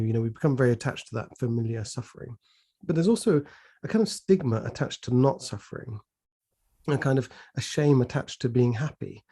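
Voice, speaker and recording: A man's voice: medium pitch, warm tone, husky. A man hosting an interview, asking thoughtful, rambling questions. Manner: thoughtful, many "you know" fillers while asking questions. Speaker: podcast host. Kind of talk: conversational interview.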